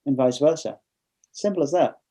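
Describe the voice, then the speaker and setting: A man's voice: fairly high pitch, moderate pace, warm tone. A man with an English accent, a guest in a casual interview, telling stories bluntly with frequent restarts. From England.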